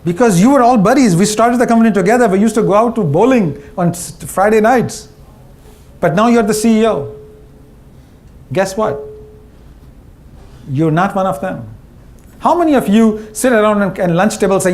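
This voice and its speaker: A middle-aged man with an Indian English accent speaks from a conference stage, his voice sitting noticeably high for a man. His delivery is wry and punchy, and he slips into the voices of the people he describes. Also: animated, moderate pace, long pauses, darkish tone. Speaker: speaker, former CEO. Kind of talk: humorous conference talk.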